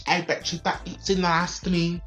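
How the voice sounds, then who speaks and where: A woman's voice: fairly low pitch, little pitch movement, unhurried, fairly bright tone, soft background music, pitched above the performer's own voice. A woman putting on the voice of a wicked female witch villain, mocking and taunting.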